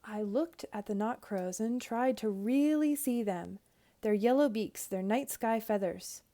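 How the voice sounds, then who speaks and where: A woman's voice: on the high side, unhurried. Woman teacher reading a picture book aloud. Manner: clear, expressive storytelling.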